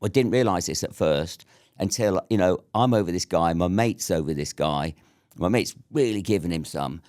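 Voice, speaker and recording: A man's voice: deep voice, moderate pace, darkish tone. A British man in his fifties telling a war story as an interview guest, blunt and swearing freely. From Britain.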